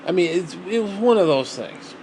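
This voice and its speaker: A man's voice: high-pitched, expressive, moderate pace, a little mellow, slight background noise, low-quality recording. A man talking casually to the camera at home, rambling and swearing freely. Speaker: vlogger.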